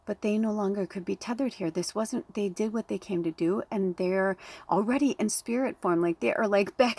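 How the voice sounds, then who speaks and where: Woman medium, 30s, earnest and blunt, gravelly husky voice, dry close sound. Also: mid-range voice, normal speed, a little mellow, no echo. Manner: earnest, heartfelt, blunt with swearing. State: close to tears. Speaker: spiritual medium. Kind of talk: emotional direct-to-camera talk.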